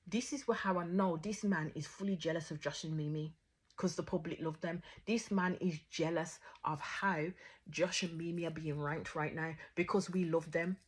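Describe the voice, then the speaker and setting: Husky, outspoken woman reviewer. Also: lowish voice, moderate pace. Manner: outspoken, swears freely, animated retelling. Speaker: reality show reviewer. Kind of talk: casual reaction commentary.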